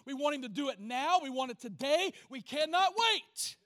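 A pastor preaches in a folksy, animated way, teasing the congregation with everyday stories before turning serious. His voice sits unusually high for a man and rings bright and forceful. The sound is close and dry, with no room echo. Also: moderate pace. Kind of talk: sermon.

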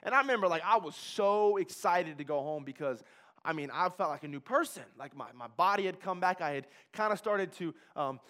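A man from Kentucky telling his recovery story as a personal testimony, emphatic and repetitive, swinging from hushed to loud. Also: high voice, lively intonation, a little fast. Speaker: speaker sharing a recovery testimony.

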